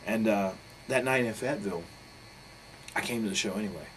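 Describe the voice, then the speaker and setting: A man's voice: on the low side, fairly quick, a little hiss or hum, low-quality recording. A man, talking bluntly and profanely as he tells a heated personal story in a candid interview. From North Carolina. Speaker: interviewee, professional wrestler.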